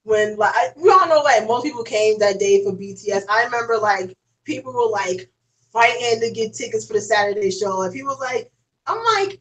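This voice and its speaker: A woman's voice: fairly high pitch, expressive, a little fast, a bit bright, far from the mic, poor audio. A young woman chatting casually, rambling and saying "like" constantly. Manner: rambling, heavy use of "like". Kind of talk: casual chat.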